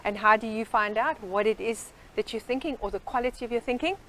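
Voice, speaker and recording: A woman's voice: fairly high pitch, fast, a bit bright, poor audio. A woman guest on a talk show, a life coach explaining her ideas earnestly with sayings and metaphors. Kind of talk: interview.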